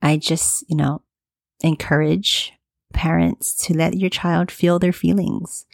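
A woman in her thirties talking candidly in a personal, reflective monologue, with soft fillers and restarts. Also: lowish voice, little pitch movement, slow pace, vocal fry, no echo, clean studio sound.

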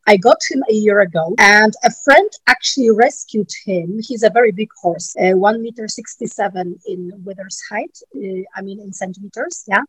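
A woman who runs a riding school, telling stories in a casual interview, animated and full of "you know" fillers. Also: mid-range voice, normal speed, hardly any pauses, slightly rough, no room sound, poor audio.

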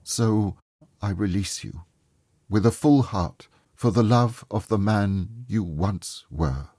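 A man reading the part of a sorrowful young woman who softly releases her fiancé, speaking gently and with quiet reproach. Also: fairly low pitch, slow pace, slightly rough, dry recording, studio quality. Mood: resigned resolve.

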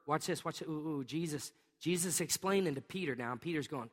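A man's voice: on the high side, a little fast. A man in his thirties preaching a sermon, telling a family story with lots of energy, laughing often and acting out the sounds his kids make. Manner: animated storytelling with bursts of acted-out sounds. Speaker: pastor. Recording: reverberant hall.

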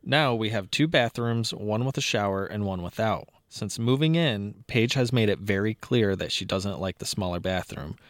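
A man's voice: lowish voice, normal speed, few pauses, dry recording, studio quality. A man co-hosting a casual podcast, reading a post aloud and reacting with frequent laughs. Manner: laughs often, animated when reacting. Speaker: podcast co-host.

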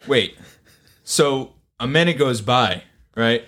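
Animated swearing storyteller man. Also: mid-range voice, slow pace. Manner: animated storyteller, acts out quotes, swears often. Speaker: podcast co-host. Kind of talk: casual chat.

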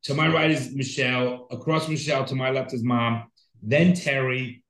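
A man's voice: medium pitch, steady tone, moderate pace, a bit bright, roomy sound, low-quality recording. A man co-hosting a podcast, telling a long story in a rambling, profane, casual way. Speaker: podcast co-host. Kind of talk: casual chat.

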